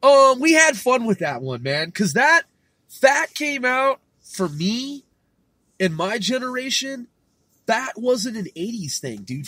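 This man from California hosts a podcast, rambling casually in slang, swearing heavily and laughing a lot. His voice sits high, sharp in tone and husky, with no echo in the recording.

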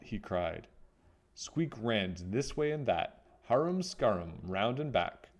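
A man reading a children's picture book aloud, with expressive storytelling. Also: on the low side, slow.

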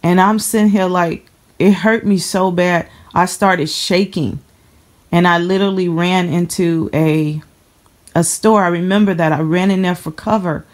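A woman from the Chicago area giving a personal testimony to camera, earnest and halting, often repeating herself as she holds back emotion. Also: lowish voice, fairly even intonation.

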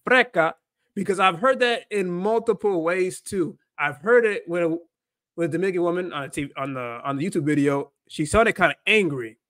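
High-voiced man chatting on a livestream. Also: fairly quick, a bit bright, no room sound. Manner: rambling, filler-heavy, self-correcting. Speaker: livestream host learning Spanish. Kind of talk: casual livestream chat.

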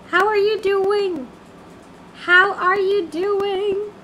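A woman's voice: very high-pitched, fairly even intonation, extremely slow, pushed and bright, a little hiss or hum. A woman chatting casually on a game livestream, easily flustered and singing snatches of songs.

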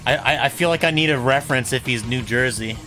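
A man's voice: mid-range voice, fast, pushed and bright, faint music behind. A young man streaming a video game, rambling and joking with stammered restarts. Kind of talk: casual game commentary.

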